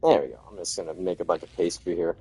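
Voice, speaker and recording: Playing through a video game, a middle-aged gaming channel host gives loose, easygoing commentary sprinkled with "man" and "yo." His voice is low and mellow with a breathy edge, and he moves at a quick pace.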